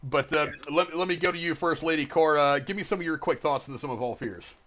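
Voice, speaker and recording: A man hosts a casual film review chat at a brisk clip. He is chatty and laughs easily, and he often restarts his sentences. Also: on the high side, a bit bright. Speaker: podcast host.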